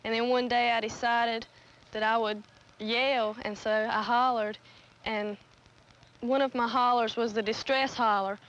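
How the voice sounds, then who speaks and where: A woman's voice: on the high side, flat delivery, unhurried, a bit bright. A young woman, plainly explaining things step by step in a documentary interview. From North Carolina. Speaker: hollering contestant. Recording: dull old film sound with hiss.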